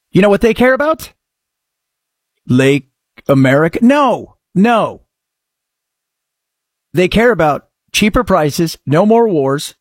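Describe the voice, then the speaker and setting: Man, talk radio host, sarcastic, mocking, lively pitch swings. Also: husky, no room sound, studio quality. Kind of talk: opinion talk radio monologue.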